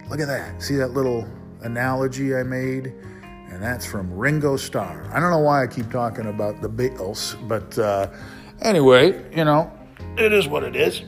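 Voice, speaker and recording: A man's voice: mid-range voice, animated, moderate pace, soft background music. A man hosting a casual solo podcast, rambling and frank, swearing when he gets worked up. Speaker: podcast host.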